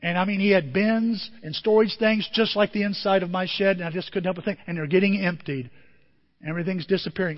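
High-voiced preacher in a reverberant hall. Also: male voice. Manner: animated storytelling with asides to the congregation. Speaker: pastor. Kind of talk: sermon. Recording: dull sound with long hall reverb.

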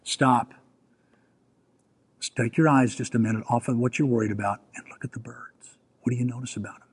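A man preaching voices Jesus as a calm, patient teacher gently correcting a worried listener. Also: mid-range voice, unhurried, slightly rough. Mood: hushed. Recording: long hall reverb.

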